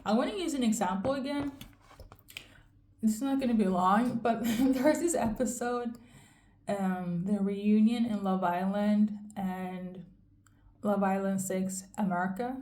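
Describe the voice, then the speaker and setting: Mellow-voiced woman giving a casual tarot reading. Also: mid-range voice, unhurried, echoey room. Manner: rambling, keeps checking in with "okay?"; monotone delivery. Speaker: tarot reader.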